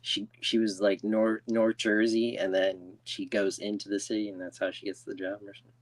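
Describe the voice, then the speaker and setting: A man co-hosting a podcast, chatting casually in a relaxed, agreeable way and laughing easily. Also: lowish voice, moderate pace, no echo. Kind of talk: casual chat.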